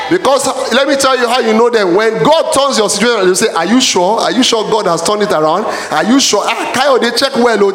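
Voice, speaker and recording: A man preaching a sermon in a church, often shouting calls to the congregation. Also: high voice, a little hiss or hum. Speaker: pastor. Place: church hall. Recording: echoey church hall.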